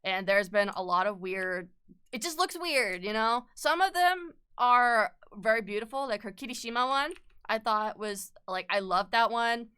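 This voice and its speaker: Bright chatty young woman streamer. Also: on the high side, expressive, normal speed, clear, resonant tone. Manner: rambling, chatty, swears casually, laughs often. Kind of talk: casual live-stream chat while drawing.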